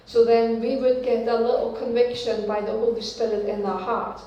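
A woman preaching a sermon, teaching slowly and deliberately and repeating her key phrases. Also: fairly high pitch, flat delivery, warm tone, recorded from a distance, lo-fi sound. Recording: very echoey room, from off-mic.

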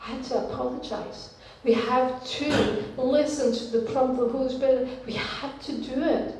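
A woman preaching a sermon, teaching slowly and deliberately and repeating her key phrases. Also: high voice, steady tone, a little mellow, far from the mic, slight background noise. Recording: very echoey room, from off-mic.

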